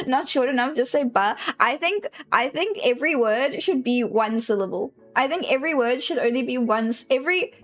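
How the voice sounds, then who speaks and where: South African woman, young, high voice, quick playful chatter to live chat, soft music underneath. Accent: South African English. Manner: playful, animated, reacting to chat messages. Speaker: streamer.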